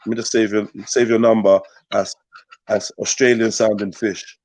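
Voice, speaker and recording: A man's voice: fairly low pitch, little pitch movement, normal speed, a little mellow. A man hosting a live call-in show, joking and repeating himself in casual slang. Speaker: host.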